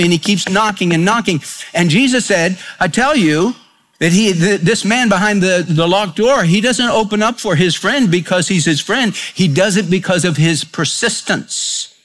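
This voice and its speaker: A man's voice: high-pitched, normal speed, fairly bright tone. A man preaching a sermon in a folksy storytelling way, acting out the voices in his examples. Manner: folksy storytelling, acts out quotes. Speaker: pastor.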